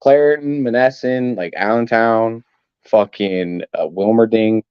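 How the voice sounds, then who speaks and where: A man's voice: fairly low pitch, slow, clean tone, no room sound. Profane rambling man on a livestream. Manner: rambling, profane, coughs often. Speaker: sports fan livestream host. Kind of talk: casual livestream chat. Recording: dull, dry home mic.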